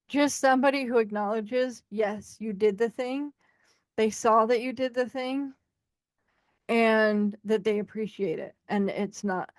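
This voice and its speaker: A woman's voice: a little high, unhurried, dry recording, clean studio sound. A woman co-hosting a podcast, talking candidly and animatedly about her own experiences, often acting out what other people say. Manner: frank and animated, acting out quoted voices. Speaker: podcast co-host. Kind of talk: candid conversational storytelling.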